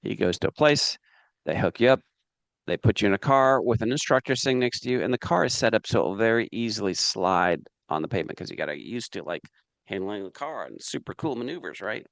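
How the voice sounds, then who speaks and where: A man leading a live business training seminar, energetic and coaxing the audience to join in. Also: fairly low pitch, fairly quick, gravelly, no echo.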